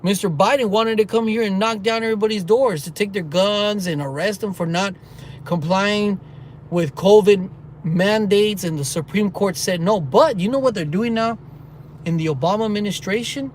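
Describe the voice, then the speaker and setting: A man's voice: high voice, normal speed, slight background noise. A man vlogging while walking at night, ranting heatedly and reading viewer comments aloud. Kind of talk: rambling walking vlog. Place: outdoors at night, walking near traffic.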